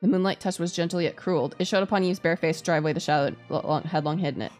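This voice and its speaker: A woman streamer reading a game aloud and breaking in with animated, cursing asides. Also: fairly low pitch, fast talker, soft background music. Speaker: VTuber streamer.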